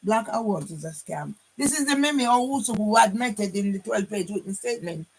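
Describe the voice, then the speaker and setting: A woman's voice: mid-range voice, expressive, fairly quick, a little hiss or hum, poor audio. Older woman, phone-camera vlog, combative, rambling, keeps asking "yeah?". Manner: combative, repeats tag question "yeah?"; rambling, restarts lines. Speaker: vlogger. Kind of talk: casual monologue to camera.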